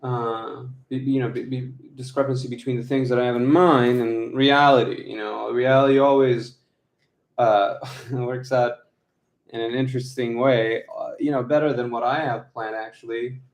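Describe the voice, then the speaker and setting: A man talking casually in a vlog at home, rambling slowly with many fillers and the odd laugh. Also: medium pitch, steady tone, reverberant. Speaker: vlogger. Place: his apartment. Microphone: phone camera.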